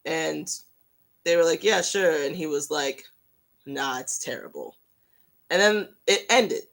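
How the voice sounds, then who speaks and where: A fan hosting a casual livestream, telling a rambling, self-mocking story in an animated way. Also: medium pitch, a little slow, gravelly.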